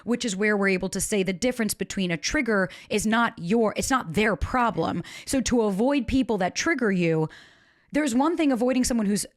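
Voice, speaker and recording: A woman's voice: medium pitch, a little fast. Chatty woman podcast host. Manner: candid, animated storytelling with swearing. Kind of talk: casual conversation.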